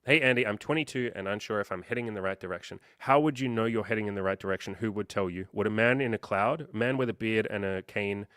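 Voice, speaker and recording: A man hosting a livestream as a life coach, chatting casually and reading out viewer comments, with lots of fillers and quick quoted reactions. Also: fairly low pitch, a bit bright, clear, resonant tone, dry recording, clean studio sound.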